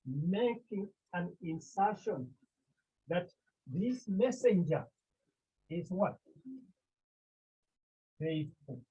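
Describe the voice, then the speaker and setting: Language teacher, mellow and slow, quizzes the class as he goes; dull lo-fi recording. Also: mid-range voice, husky. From Cameroon. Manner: repeats key words and asks the class rhetorical questions. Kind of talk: classroom lecture.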